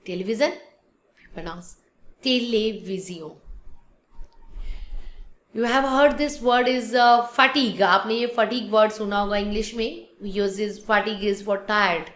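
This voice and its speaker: A woman with an Indian English accent teaching a French lesson, mixing Hindi and English and repeating words slowly for practice. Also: mid-range voice, fairly even intonation, fairly bright tone. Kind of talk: classroom language lesson. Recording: echoey classroom.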